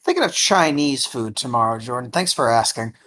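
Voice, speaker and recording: A podcast panelist chats casually with a teasing, deadpan streak. The stories come out in an easy, conversational way. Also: mid-range voice, fairly quick.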